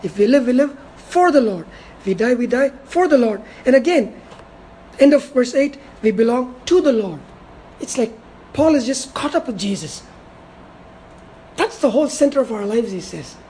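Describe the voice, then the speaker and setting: A woman preacher gives an expository, verse-by-verse sermon in a slightly high, mellow voice, animated and emphatic as she repeats key words for weight. She slows right down to drive points home, and a faint hiss sits behind the poor audio.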